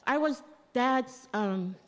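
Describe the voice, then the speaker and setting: A woman's voice: a little high, expressive, takes it slowly. Woman's eulogy in a reverberant church. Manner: conversational storytelling, acting out remembered dialogue. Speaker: daughter giving a eulogy. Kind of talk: eulogy at a family funeral service. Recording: long reverb of a church hall.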